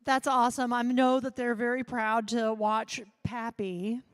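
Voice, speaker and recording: A woman's voice: a little high, flat delivery, a little slow, clear, resonant tone. A woman hosting a live stream interview desk at a convention, friendly and chatty.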